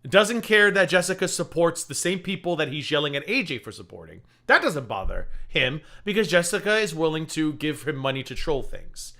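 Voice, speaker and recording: A man's voice: on the high side, sing-song, fairly quick, hardly any pauses, bright, forceful tone. A man hosting a livestream reaction show, giving casual, sarcastic commentary with mocking asides.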